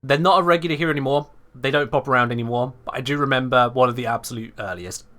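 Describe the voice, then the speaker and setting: A man's voice: medium pitch, quick pace. A British man chatting playfully with his live-stream audience while he plays a game. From Britain. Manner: animated, playful, talks back to chat.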